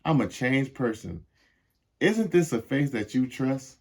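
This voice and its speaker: A bossy, teasing cartoon girl who coaxes sweetly, as a man reading aloud puts her on. Her sly sing-song lines sit at a middle pitch in a children's storybook reading. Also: animated, measured pace, darkish tone, a little hiss or hum, lightly acted.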